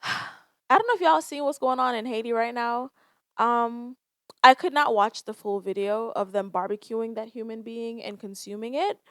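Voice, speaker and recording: Woman venting on her podcast, sighs a lot, kinda high voice, dry close sound. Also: normal speed, fairly bright tone, dry recording. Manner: emotional, sighing, swearing, candid. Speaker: podcast host. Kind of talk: casual solo podcast talk.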